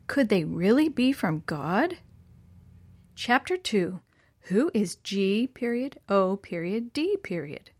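Female storybook narrator, measured and clear; dry, close mic. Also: medium pitch, sing-song, no echo. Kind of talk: storybook reading.

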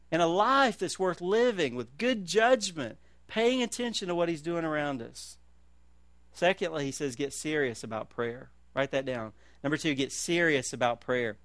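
A middle-aged pastor preaches in an animated way, his voice sitting a touch high for a man. He moves from loud calls down to quiet, slow emphasis. The sound is dry and close. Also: no echo. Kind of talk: sermon.

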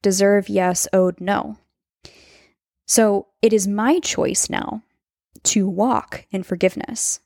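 A woman hosts her own faith podcast from her apartment, speaking casually and earnestly. Her voice carries a gravelly edge of fry at a middle pitch. The sound is close and dry, with little room around it. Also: steady tone, slow pace, long pauses, darkish tone, no echo. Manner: earnest and confessional, laughs at herself. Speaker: podcast host and nurse. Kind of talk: casual faith-based monologue. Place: apartment at home.

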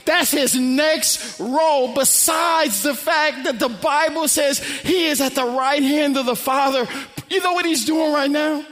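A man's voice: extremely high pitch, unhurried, a bit bright, long reverb tail. A man preaching a sermon, telling a story with acted-out quotes and building to emphatic, repeated lines.

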